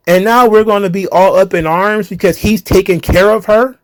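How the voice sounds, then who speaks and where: Guy with a high voice ranting, sarcastic and heated, swears a lot, dead dry sound. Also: moderate pace, dry recording. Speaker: wrestling commentary channel host. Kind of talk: ranting commentary.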